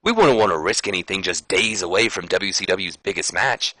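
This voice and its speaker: A man's voice: deep voice, expressive, brisk, sharp tone, no room sound, exaggerated voice. A man voicing a stern, self-righteous male wrestling team captain with firm, lecturing lines.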